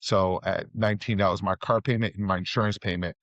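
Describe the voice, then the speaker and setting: Here the same middle-aged real estate guest speaks in a deep, fairly even, brisk voice with a slightly bright edge. His stories ramble loosely, full of fillers and restarts, in a casual storytelling interview captured as a dry, dull, muffled recording.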